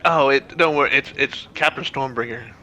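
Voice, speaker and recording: A man's voice: mid-range voice, moderate pace, sharp tone, muffled recording, slight background noise. A man playing a ship captain in a tabletop game, stammering and eager. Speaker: player. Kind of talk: in-character play as a ship captain.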